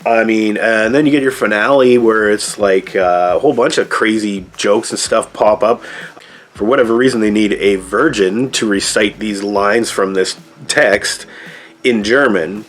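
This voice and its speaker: A man's voice: lowish voice, measured pace. Laid-back man rambling through a movie review. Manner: loose, rambling, frequent "like" and "I don't know" asides.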